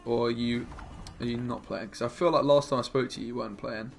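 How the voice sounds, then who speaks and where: A man's voice: medium pitch, fairly even intonation, fast talker, creaky, faint music behind. A young man streaming a card game, chatting casually with his viewers and muttering about his plays. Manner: chatty, laid-back, mumbles asides to himself.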